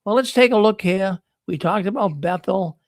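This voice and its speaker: A man with a high-pitched voice hosts a live call-in show, speaking at normal speed with no echo. He talks casually and rambles through stories, restarting his sentences many times.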